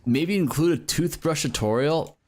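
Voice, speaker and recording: A fairly high-pitched, slightly mellow American man streams a game at a moderate pace, chatting casually and rambling with his viewers. His talk is loaded with fillers, swearing, and laughter.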